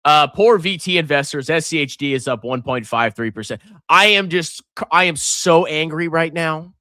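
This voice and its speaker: Loud mocking man, high bright voice. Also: expressive, normal speed, no echo, clean studio sound. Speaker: finance commentator. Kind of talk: reaction commentary reading comments.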